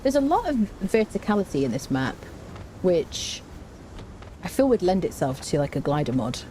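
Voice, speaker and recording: Chatty, lively woman gaming streamer. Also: moderate pace, slight background noise. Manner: chatty, hums and sings little tunes while playing; excitable, jumps high in pitch. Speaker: streamer playing a survival game. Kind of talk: casual gameplay commentary.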